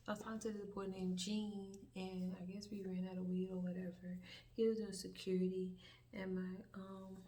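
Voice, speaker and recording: A woman's voice: mid-range voice, level tone, moderate pace, dark tone. A young woman telling a storytime in a laid-back, rambling way, swearing freely and acting out dialogue. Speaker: vlogger. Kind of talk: casual storytime.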